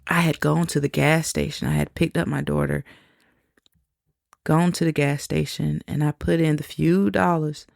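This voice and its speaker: A woman shares a personal faith story on her podcast, speaking slowly and reflectively. Her voice has a gravelly texture, and the dry, close recording carries almost no room sound. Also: sits low, dry recording. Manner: slow, reflective storytelling with soft laughs. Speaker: podcast host.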